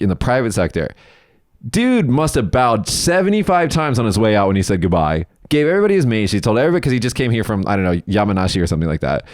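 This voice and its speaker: A man co-hosting a podcast, telling stories in a casual, animated and profane way. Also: mid-range voice, dry recording, clean studio sound. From United States. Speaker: podcast co-host.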